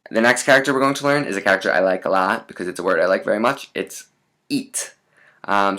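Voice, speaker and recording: A man teaching a lesson in a relaxed, chatty way, with many fillers and asides. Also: lowish voice.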